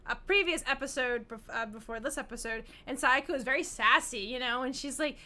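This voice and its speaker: A woman's voice: high voice, fairly quick, pushed and bright. A woman co-hosting a reaction video, chatting casually in a rambling way and laughing often. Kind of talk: casual chat.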